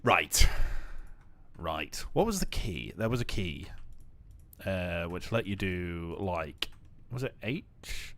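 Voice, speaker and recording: A man's voice: deep voice, sing-song, slow pace, a bit bright. A young man who develops games, streaming casually as he works and keeping up a joking, rambling self-talk full of fillers. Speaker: game developer streaming his work. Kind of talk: casual live-stream commentary while building.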